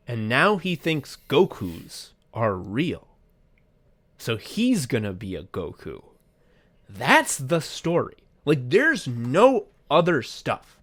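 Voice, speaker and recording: Excitable, profane male podcast co-host. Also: medium pitch. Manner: excitable, profane, animated storytelling with quick voice switches. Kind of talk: casual comedic chat.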